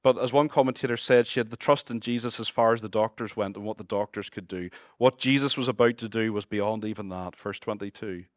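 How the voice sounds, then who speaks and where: A man with a Northern Irish accent preaching a sermon as pastor, moving between lively humorous asides and hushed, earnest appeals to his listeners. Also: lowish voice, brisk, few pauses, dry recording, studio quality. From Northern Ireland.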